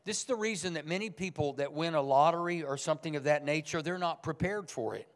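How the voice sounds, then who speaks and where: A man's voice: on the high side, quick pace, long reverb tail. A man preaching a sermon as pastor, speaking in a conversational but emphatic way. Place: church sanctuary.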